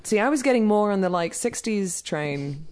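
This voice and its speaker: A woman's voice: mid-range voice, lively intonation, moderate pace, darkish tone. A woman from the United Kingdom, guest co-hosting a podcast with dry, wry chat. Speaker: guest co-host. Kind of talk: casual chat.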